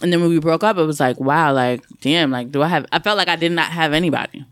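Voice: mid-range voice, a bit bright, no echo. Candid podcast voice, very dry sound. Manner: candid, chatty, drawn-out reflective phrasing. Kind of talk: casual podcast chat.

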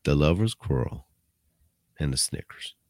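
A man's voice: very deep voice, animated, measured pace, no room sound. A man hosting a podcast, telling a prison story in a laid-back, profane way with bits of Spanish. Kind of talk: casual storytelling.

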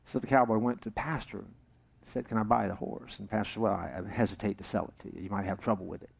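Man preaching a lively sermon. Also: on the low side, quick pace, vocal fry, husky. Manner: animated storytelling, jokes and acted-out voices. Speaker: pastor. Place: church service with congregation.

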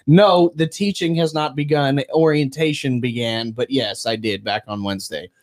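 A man co-hosting a casual podcast, animated and joking with frequent laughter. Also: mid-range voice, moderate pace. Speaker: podcast co-host.

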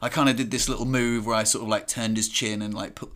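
A young man chatting casually and telling an anecdote in a relaxed manner. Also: lowish voice, fast talker. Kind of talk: casual chat.

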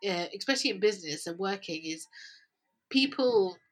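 A young woman, a podcast guest in casual conversation, telling stories in a lively way and acting out sounds and quotes. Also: medium pitch, moderate pace.

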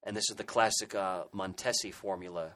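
This co-host's voice sits low and steady, a little fast, bright and forceful. Chatting excitedly about comic book history on a casual podcast, he frequently backtracks with fillers; the low-quality recording has slight background noise.

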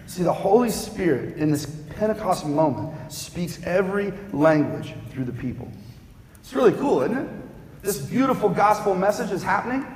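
Animated male pastor in an echoey hall. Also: high-pitched, husky. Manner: animated storytelling with sound effects. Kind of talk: sermon.

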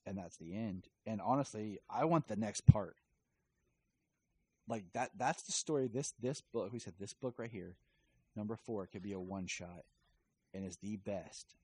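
Brief: casual male comic reviewer, deep, mellow, slightly breathy. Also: measured pace, poor audio. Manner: rambling, filler-heavy retelling. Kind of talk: casual chat.

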